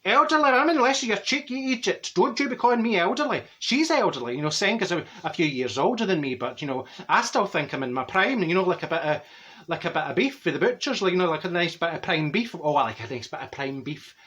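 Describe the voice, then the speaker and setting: A man's voice: a little high, sing-song, quick pace, fairly bright tone. A man voicing a chatty, straight-talking older woman from Glasgow in a Glaswegian accent, rambling and laughing through her comic stories. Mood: cheeky. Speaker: comedy character. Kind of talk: comic monologue to camera.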